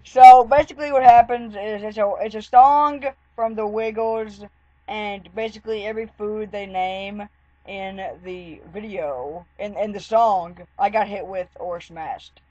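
A woman's voice: medium pitch, steady tone, a little slow, mellow, no room sound, muffled recording. A woman vlogger telling a story in a casual, rambling way, with lots of "like". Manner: chatty, rambling, full of "like" fillers.

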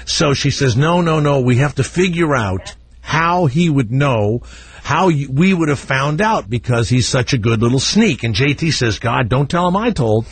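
A man's voice: mid-range voice, animated, normal speed, breathy edge. A middle-aged man hosting a radio talk show, telling a profane, comic family story and acting out the voices.

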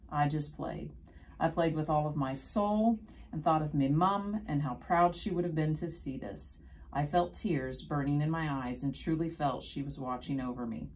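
A woman reading a children's storybook aloud in steady first-person narration. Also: deep voice, a little hiss or hum, poor audio.

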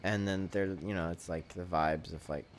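A man streaming his first playthrough of a video game, chatting casually, reading viewer messages aloud and thinking out loud with plenty of fillers. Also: deep voice, steady tone, normal speed, slight background noise. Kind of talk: casual gameplay commentary.

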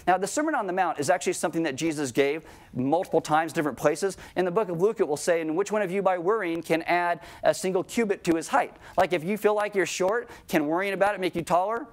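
Animated male pastor preaching. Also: sits high, fast talker. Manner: conversational, animated, acts out quoted voices. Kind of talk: sermon. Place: church sanctuary.

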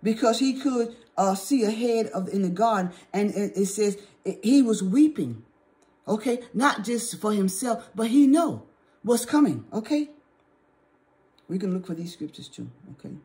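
A woman's voice: mid-range voice, expressive, moderate pace, warm tone. Woman teaching scripture, "okay?" after each point. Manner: repeats "okay?" often, reads scripture aloud with fillers. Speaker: Bible teacher.

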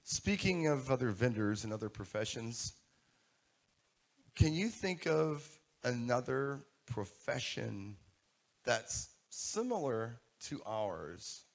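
Guy doing a conference keynote, gravelly voice, pitch all over the place, keeps quizzing the crowd. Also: slow pace. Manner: animated, asks the audience questions. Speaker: keynote speaker. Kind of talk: live conference keynote talk. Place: conference room before an audience.

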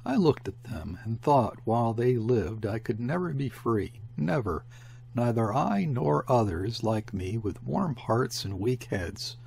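Gravelly-voiced man reading an audiobook. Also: mid-range voice, expressive, darkish tone. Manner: measured storytelling. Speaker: audiobook narrator. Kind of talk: scripted narration.

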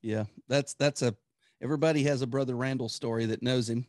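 A man hosting a podcast interview, asking relaxed follow-up questions. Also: medium pitch, a little fast, no echo, clean studio sound. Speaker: podcast host.

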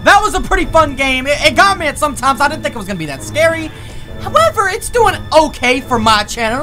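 High, excitable young man playing a horror game. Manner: excitable, jumpy, breaks into yelps and screams when startled; rambling, self-correcting asides. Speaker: gaming YouTuber. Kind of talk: horror game let's play commentary.

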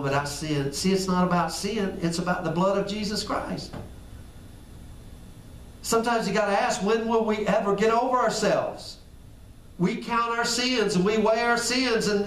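A man's voice: high-pitched, fairly bright tone, a little hiss or hum. A man preaching a casual, conversational sermon, acting out little dialogues and repeating phrases for emphasis. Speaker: pastor. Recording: echoey room, far from the mic.

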